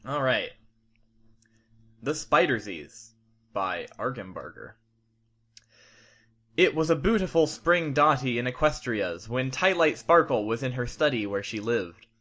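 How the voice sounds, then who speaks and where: A man narrating a deliberately clumsy fan story in a straight-faced storybook reading on a home microphone. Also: mid-range voice, sing-song, bright, forceful tone. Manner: straight-faced, reads mistakes as written. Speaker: narrator, fan fiction reader. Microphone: home condenser microphone.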